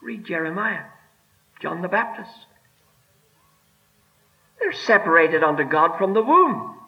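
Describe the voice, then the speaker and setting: A man preaching a sermon with emphatic delivery, rising and dropping, slowing right down to stress his words. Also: high-pitched, sing-song, gravelly. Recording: dull lo-fi sermon recording.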